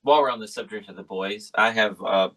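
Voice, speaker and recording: A man's voice: fairly low pitch, a little fast, fairly bright tone, low-quality recording. A man hosting a podcast, chatting casually and easygoing as he works through his list of topics. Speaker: podcast host. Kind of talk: casual chat.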